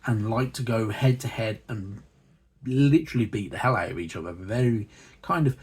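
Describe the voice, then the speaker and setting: A man's voice: lowish voice, moderate pace, breathy edge. A man hosting a hobby channel, casually reviewing a magazine and reading passages aloud, chatty and rambling between the reading and his asides.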